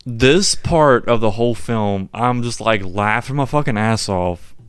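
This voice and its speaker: A man co-hosting a podcast, casually recounting movie scenes in a relaxed, profane way. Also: fairly low pitch, a little slow, smooth, dry recording. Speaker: podcast co-host.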